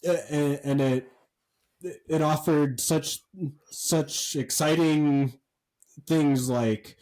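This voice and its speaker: A man co-hosting a podcast, telling a story in a rambling, animated way with lots of fillers and swearing. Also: a little high, extremely slow, low-quality recording. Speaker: podcast co-host. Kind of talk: casual chat.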